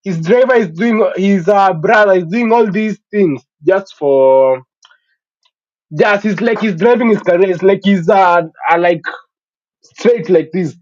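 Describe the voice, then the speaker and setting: A man's voice: sits high, unhurried, a little mellow, no echo. A man hosting a casual football chat stream, talking in an emphatic, opinionated way with many "you know" fillers. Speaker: sports talk stream host. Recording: dull lo-fi dry sound.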